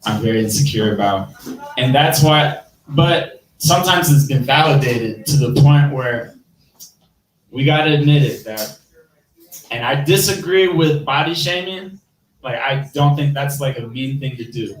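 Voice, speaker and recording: A man's voice: mid-range voice, lively intonation, measured pace, reverberant, distant mic, low-quality recording. A man with a Midwestern accent doing rambling, self-deprecating stand-up, laughing at his own jokes. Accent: Midwestern American. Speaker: stand-up comedian. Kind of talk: stand-up comedy set on a live stream.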